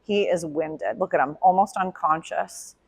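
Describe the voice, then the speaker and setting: A woman's voice: lowish voice, measured pace, husky. A woman dog trainer explaining a training session in a casual, chatty way, often voicing the dog's thoughts. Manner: chatty, warm-hearted with the dog, voices his thoughts softly. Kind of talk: casual instructional talk.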